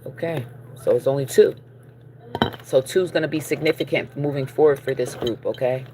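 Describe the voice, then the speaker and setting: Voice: mid-range voice, a little fast, background noise. Chatty, encouraging tarot reader voice. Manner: encouraging, checks in with listeners with frequent "okay?" and "all right?"; loose and chatty, with fillers and self-corrections. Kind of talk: casual spiritual card reading.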